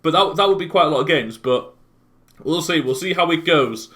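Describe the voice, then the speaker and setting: A young man giving casual, excitable commentary over a football video game. His voice sits a little high and sounds bright and forceful. He talks easily through the quiet spells and jumps in volume whenever a shot goes in. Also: brisk. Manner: excitable, bursts loud at goals. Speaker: gaming YouTuber.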